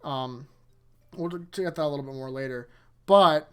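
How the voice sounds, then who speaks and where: Faint music plays behind a man hosting his own anime rewatch, whose fairly high voice is clean and a bit bright at normal speed. He recaps episodes in a loose, rambling way, stumbling, correcting himself again and again, and chuckling often.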